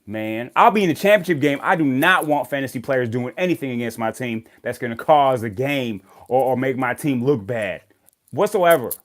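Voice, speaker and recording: A man hosting a sports show, talking casually and animatedly about football games and ranting loudly when worked up. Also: medium pitch, normal speed. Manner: animated, rants and gets loud when worked up. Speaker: sports podcast host.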